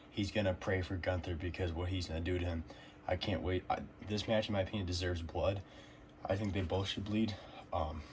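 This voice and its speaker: A man talks through the week's wrestling in a casual, rambling way, dropping fillers and blunt opinions as he goes. His voice sits low and stays flat, with little rise or fall. A faint hiss runs under the recording. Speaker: wrestling recap host. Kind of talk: casual recap commentary.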